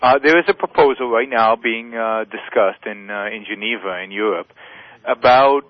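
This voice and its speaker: Male phone-in guest, tinny phone audio, measured explaining tone. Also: on the low side, dry recording. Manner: measured, explanatory, with frequent fillers. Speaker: guest on a radio show. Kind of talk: radio interview. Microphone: phone line.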